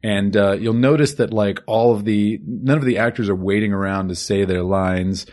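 Deep-voiced podcast guy walking through a movie plot, calm and explainy. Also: moderate pace. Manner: explanatory, steady summarizing. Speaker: podcast co-host. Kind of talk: casual film discussion.

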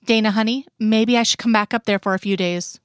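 A woman reading a gentle worried older mother. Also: on the high side, steady tone, fairly quick, clear, resonant tone, dry recording, clean studio sound, lightly acted.

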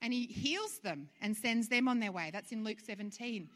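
Woman pastor, higher bright voice, chatty sermon, reverberant hall. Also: animated, moderate pace. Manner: conversational, rhetorical questions, light laughs.

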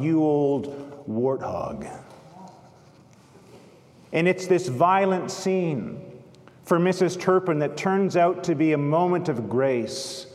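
A man's voice: high voice, darkish tone. Earnest male preacher in a reverberant church. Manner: earnest storytelling, literary quotations. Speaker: pastor. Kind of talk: sermon. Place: church sanctuary.

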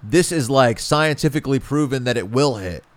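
A man's voice: medium pitch, lively intonation, normal speed, no room sound. A young man co-hosting a casual chat, loose and slangy, with a lot of dude and like. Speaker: co-host.

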